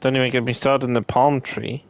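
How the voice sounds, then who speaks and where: Male streamer, mid-pitched, tired but thrilled, live gameplay reaction. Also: fairly quick, dull audio. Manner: excited, talks to himself while playing. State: tired and sleepy. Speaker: streamer reviewing a game. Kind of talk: live game reaction commentary.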